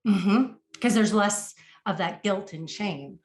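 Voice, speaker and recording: Slow-talking woman host. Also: medium pitch, roomy sound. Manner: unhurried, supportive, frequent affirming backchannels. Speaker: podcast host. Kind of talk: conversational interview.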